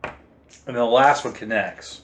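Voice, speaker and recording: A man's voice: mid-range voice, moderate pace, fairly bright tone, a little hiss or hum. A man running a tabletop game as game master, steadily explaining rules and narrating the action. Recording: echoey room.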